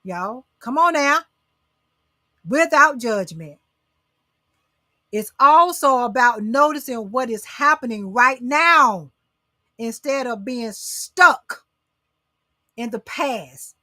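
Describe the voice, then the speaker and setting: A woman's voice: a little high, lively intonation, slow, pushed and bright, dry recording, clean studio sound. A middle-aged woman hosting a casual motivational talk show, coaxing and preaching to her viewers. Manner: preachy, coaxing, addresses audience as y'all.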